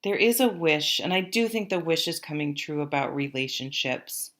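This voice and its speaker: A woman's voice: low-pitched, normal speed, fairly bright tone. A woman giving a casual, rambling tarot reading to her viewers, with many fillers and restarts. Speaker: tarot reader.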